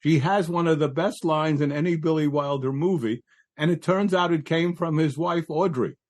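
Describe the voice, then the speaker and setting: A man's voice: on the high side, moderate pace, a little mellow. A man co-hosting a classic film podcast, talking enthusiastically and laughing easily. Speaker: podcast co-host. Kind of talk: casual film discussion.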